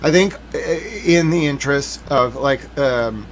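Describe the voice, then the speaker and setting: High-voiced man ranting on a live stream. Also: a little slow, a little hiss or hum. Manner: mock-outraged, theatrical ranting that swings into calm musing. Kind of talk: live-stream commentary rant.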